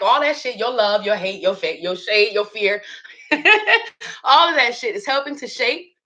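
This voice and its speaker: A woman's voice: on the high side, pushed and bright, poor audio. A woman giving a casual motivational talk who laughs often, cusses freely and repeats lines for emphasis. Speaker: speaker sharing reflections.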